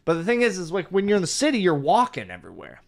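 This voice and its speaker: A man's voice: high voice, huge pitch swings, fast, gravelly. A young man co-hosting a podcast, chatting easily and leaning on "dude" and "like". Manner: easygoing, says "dude" and "like" a lot. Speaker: podcast co-host. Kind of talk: casual chat.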